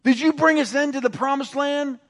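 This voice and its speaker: A preacher acting out a desperate pleading leader. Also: male voice, moderate pace. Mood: anguished pleading. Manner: pleading, high and loud. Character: distraught male leader crying out to God.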